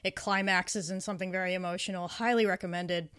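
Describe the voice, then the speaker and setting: A woman's voice: on the low side, fairly even intonation, quick pace, a bit bright, smooth. Enthusiastic woman chatting on a podcast. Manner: enthusiastic, acts out quoted characters. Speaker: podcast co-host. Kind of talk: casual podcast review chat.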